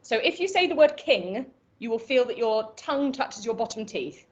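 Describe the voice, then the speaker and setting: A woman's voice: on the high side, animated, normal speed, muffled recording. Irish woman coaching voice online. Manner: instructive, demonstrates vocal exercises.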